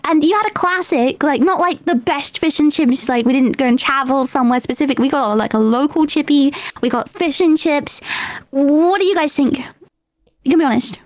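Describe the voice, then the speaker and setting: Brief: chatty British woman host, high bright voice, dry close sound. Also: normal speed, no echo. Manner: chatty, rambling, laughs often. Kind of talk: casual chat.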